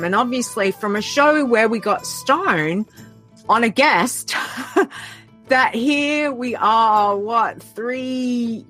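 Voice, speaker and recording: A woman's voice: medium pitch, fairly bright tone. An Australian woman talking heartfelt and earnest as a podcast guest, often trailing off and restarting her sentences. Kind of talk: casual podcast conversation.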